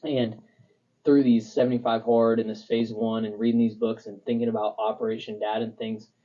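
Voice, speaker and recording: A man's voice: lowish voice, little pitch movement, moderate pace, dark tone, dull audio. A young man and podcast co-host, talking casually and rambling through stories with lots of fillers. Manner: rambling, filler-heavy storytelling. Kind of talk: casual chat.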